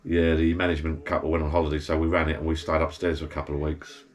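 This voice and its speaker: A man's voice: a bass voice, little pitch movement, racing. A man, rambling through pub stories to camera in his backyard garden bar. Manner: chatty, meandering, blokey storytelling with self-corrections. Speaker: vlogger. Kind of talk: rambling anecdotal monologue to camera.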